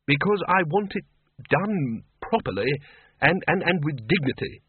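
A man's voice: mid-range voice, very animated, measured pace, husky, dry recording. A man voicing a bossy, blustering older male head wizard who snaps orders. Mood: brusque. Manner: brusque, commanding, snappish. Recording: tinny phone-like, dry audio.

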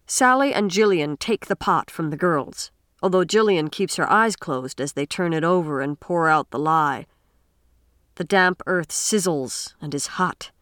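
A woman narrating an audiobook in a measured, expressive storytelling manner. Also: deep voice, no room sound, clean studio sound. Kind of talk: scripted narration.

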